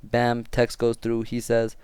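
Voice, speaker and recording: A young man telling a story to his viewers in a casual, excitable, slangy way and swearing freely. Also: medium pitch, measured pace, clean tone, no echo. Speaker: storytime vlogger.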